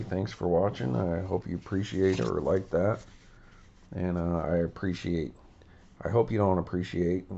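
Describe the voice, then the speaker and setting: Deep gravelly monotone man. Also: dull audio. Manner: rambling, with many fillers and self-corrections. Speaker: baseball card channel host. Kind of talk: casual card-collecting vlog.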